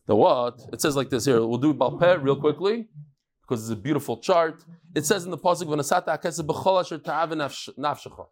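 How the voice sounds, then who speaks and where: A man teaches a daily Talmud class to a live room. His voice sits a touch high and lively, and he stays emphatic, punching key words and tossing questions at his students. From Brooklyn, New York. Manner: animated, emphatic, quick asides and questions to the class.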